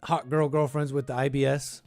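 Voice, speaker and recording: A man's voice: medium pitch, little pitch movement, moderate pace, darkish tone, no echo, faint music behind. A man hosting a call-in podcast, reacting to a clip in a sarcastic, rambling way, thinking aloud. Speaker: podcast host reacting to clips. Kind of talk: casual reaction commentary.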